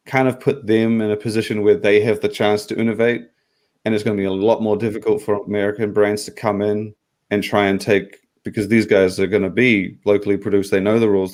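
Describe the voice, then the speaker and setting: A man on a podcast panel, talking in a rambling, halting way with many fillers. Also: fairly low pitch, a little mellow. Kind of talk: casual panel podcast talk.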